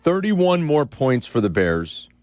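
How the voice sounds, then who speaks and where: A man co-hosting sports radio, breaking down the game with candid, animated opinions. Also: a little high, slow, no echo. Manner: animated, candid analysis with asides. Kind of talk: casual sports talk. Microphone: studio broadcast mic.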